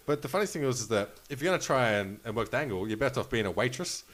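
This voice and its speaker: A man's voice: mid-range voice, lively intonation, very fast, fairly bright tone. Rambling man telling stories. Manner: rambling, swearing, laughs often. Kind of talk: casual storytelling chat.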